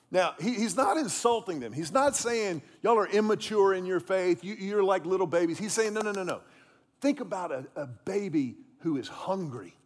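A male pastor, preaching a sermon in an animated, conversational way with self-deprecating humor. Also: high-pitched.

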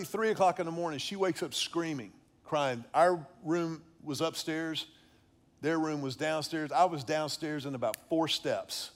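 Man, middle-aged, earnest preacher, slightly high voice, repeats and restarts words. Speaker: preacher on fatherhood. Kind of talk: faith-based teaching talk.

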